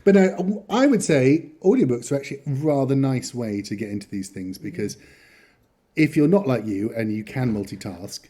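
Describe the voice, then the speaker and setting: A man's voice: mid-range voice, lively intonation, normal speed, mellow, husky. A man hosting a podcast in casual chat, rambling and chatty, often chuckling as he talks. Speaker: podcast host.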